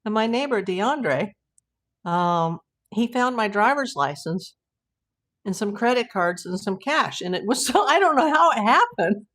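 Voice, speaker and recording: A woman's voice: medium pitch, sing-song, a little slow, fairly bright tone. A woman hosting a casual live stream, telling rambling anecdotes and laughing often. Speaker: host of a live YouTube channel.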